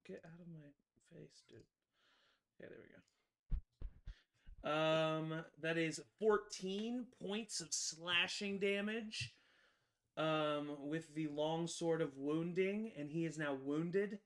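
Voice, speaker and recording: Bright, animated man playing tabletop. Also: on the high side, slow, slight background noise. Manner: animated and rambling, full of fillers and laughs. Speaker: player. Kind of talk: casual tabletop game play.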